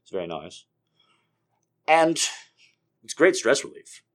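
Animated, profane comedic monologue man. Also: medium pitch, slow pace.

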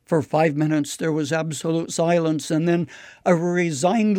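A man giving a scripted inspirational radio talk in a measured, earnest teaching tone. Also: on the high side, steady tone, a little mellow, no echo, clean studio sound. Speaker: radio devotional speaker.

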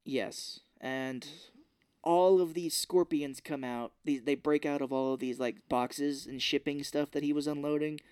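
A man's voice: fairly high pitch, steady tone, unhurried, a little mellow, clear, resonant tone, no room sound, clean studio sound. A man co-hosting a podcast, recapping a film in a rambling, jokey way. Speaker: podcast co-host. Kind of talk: casual film recap chat.

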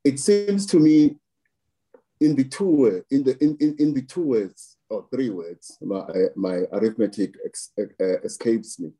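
A man giving measured political commentary, slow and deliberate, stressing words through repetition. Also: mid-range voice, warm tone. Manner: slow, deliberate, emphatic with repeated phrasing.

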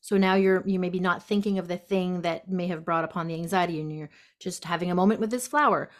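A woman guest on a podcast, gently explaining step by step how to handle anxiety, acting out the inner voice. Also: fairly low pitch, fast. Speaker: guest, intuitive health practitioner. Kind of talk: casual podcast conversation. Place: sunroom at home.

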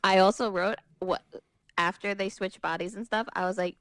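A woman's voice: medium pitch, normal speed, no echo. A woman co-hosting a podcast, chatting casually and reading from her notes. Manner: relaxed, reads from her notes with fillers. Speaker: podcast co-host. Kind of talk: casual chat.

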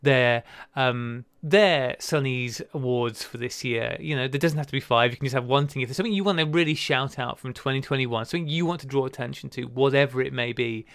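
Podcast guy, gravelly but smooth, dry close sound, chatty thank-yous. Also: mid-range voice, fairly quick, few pauses, dry recording. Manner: warm sign-off, thanking listeners. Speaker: podcast co-host. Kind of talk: casual chat.

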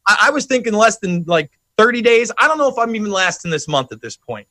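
A man's voice: high-pitched, sing-song, quick pace, pushed and bright, no echo. A man talking bluntly and with exasperation in a casual chat, swearing freely.

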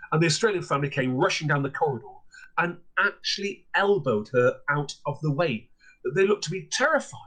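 A middle-aged man, telling ghost stories as a podcast guest in a measured, theatrical way. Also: a little high, fairly bright tone. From Lancashire, England. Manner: measured, theatrical storyteller with repeated words and fillers. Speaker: guest storyteller and paranormal historian. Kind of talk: podcast storytelling.

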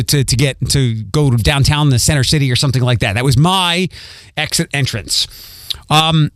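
Male podcast host with a faint Philly accent; chatty and meandering, pitched a bit high, dry studio sound. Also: fairly bright tone, dry recording. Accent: light Philadelphia. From Philadelphia. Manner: rambling, with frequent ums and repeats. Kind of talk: casual podcast monologue.

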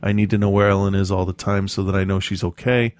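A man's voice: deep voice, level tone, darkish tone, clear, resonant tone, no echo. A man in casual chat, telling rambling, profane stories with a lot of restarts and self-mocking asides. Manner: halting with frequent restarts and ums.

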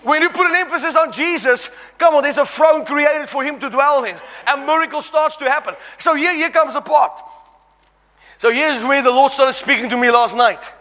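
A man's voice: extremely high pitch, normal speed, sharp tone. A man preaching an impassioned sermon, reading scripture aloud and exhorting his congregation. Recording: long reverb in a large hall.

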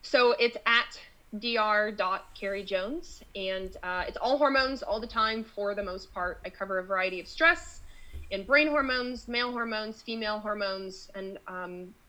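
A woman doctor, a guest on a podcast over a call, who talks in an animated way and often restarts her sentences. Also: mid-range voice, normal speed, rough recording. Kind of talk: casual interview chat.

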